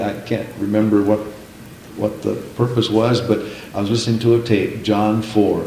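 A man's voice: on the low side, darkish tone, slight background noise. Folksy preacher man in an echoey room. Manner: folksy storytelling, rising to fervent emphasis when reading. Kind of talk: sermon with scripture reading.

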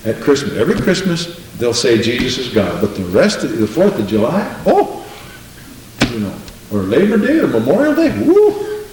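A man preaching a sermon, animated, swinging from low asides to high exclamations. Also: brisk, far from the mic, noisy background. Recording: roomy echo.

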